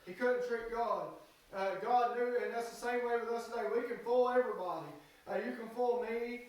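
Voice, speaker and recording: A man preaching a sermon in a church, halting with frequent "uh"s and folksy phrasing. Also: extremely high pitch, steady tone. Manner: halting, fills pauses with "uh"; folksy Southern speech. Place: church sanctuary. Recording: echoey church from far off.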